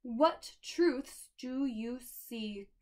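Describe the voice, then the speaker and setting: A woman voicing a wise old male produce sage who speaks in slow, grand pronouncements. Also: fairly high pitch. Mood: solemn.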